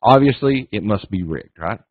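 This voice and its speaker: A man's voice: fairly low pitch, animated, normal speed, slightly rough, no room sound. A man giving a casual, folksy trading lesson as a guest speaker, repeating phrases and acting out little voices in his stories. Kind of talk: casual webinar teaching. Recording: dry tinny phone-like line.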